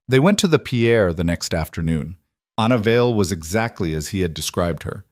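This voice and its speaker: A man narrating a scripted romance story in a measured, even way. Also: deep voice, dry recording, studio quality.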